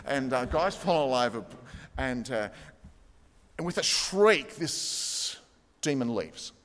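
A man's voice: mid-range voice, expressive, unhurried, fairly bright tone. A man preaching a sermon, telling a story and reading quoted passages aloud with rising intensity. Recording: long hall reverb.

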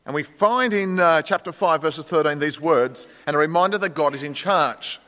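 A man's voice: on the high side, normal speed, bright, forceful tone, big-room sound. A male pastor preaching a conversational sermon, addressing the congregation as friends and telling a story. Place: church sanctuary.

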